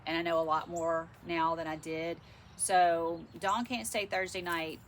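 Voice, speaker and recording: A woman's voice: lowish voice, level tone, measured pace, a little hiss or hum. A middle-aged woman with a stuffy, congested voice, chatting frankly and ramblingly to camera in a casual vlog. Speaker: vlogger.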